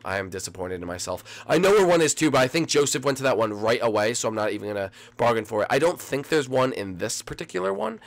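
Gravelly teenage gamer, excitable. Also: male voice, fairly low pitch. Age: late teens. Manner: excitable, swings from mumbling to yelling; addresses viewers as folks. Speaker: gaming video host. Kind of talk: live gameplay commentary.

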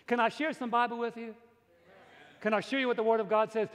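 A pastor preaching a dramatic sermon to a congregation, slowing down to stress his points. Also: high voice, long reverb tail. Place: large church before a congregation.

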